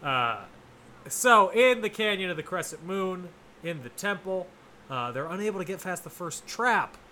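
Bright-voiced man recapping a movie. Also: high voice, normal speed, a little hiss or hum. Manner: dry, deadpan jokes between plot recaps. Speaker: podcast co-host. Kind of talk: casual movie-recap chat.

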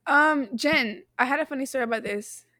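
A woman's voice: sits high, fairly quick, bright, forceful tone, no echo, studio quality. A woman co-hosting a casual podcast chat, rambling with fillers and restarts and laughing easily. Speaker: podcast co-host reading the quiz.

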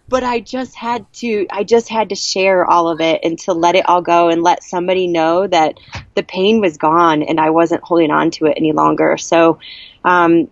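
Earnest lower-voiced woman, dry and dull. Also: steady tone, no room sound. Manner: earnest, heartfelt, halting with many restarts. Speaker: interviewee sharing a personal story. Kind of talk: candid personal storytelling. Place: at a camp.

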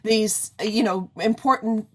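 A woman's voice: mid-range voice, fairly even intonation, slow pace. A middle-aged woman hosting an interview in a chatty, rambling way, full of "you know". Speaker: radio interview host. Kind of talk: casual chat.

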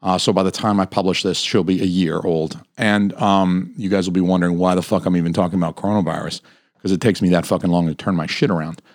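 Deep-voiced, profane podcast host ranting. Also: male voice, fairly even intonation, fast, no echo, clean studio sound. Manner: profane, crude, rambling. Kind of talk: solo podcast rant.

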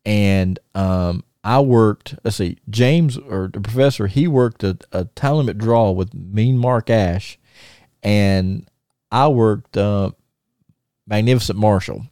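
A man hosting a podcast, telling lively anecdotes in a casual chat and often laughing as he acts out what people said. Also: lowish voice, takes it slowly, clean tone, dry recording, studio quality. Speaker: podcast host.

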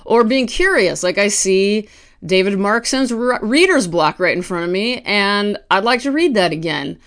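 A woman artist talking to camera at home, ranting with quick restarts and asides. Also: medium pitch, lively intonation, a bit bright. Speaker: artist vlogger. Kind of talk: casual talk to camera.

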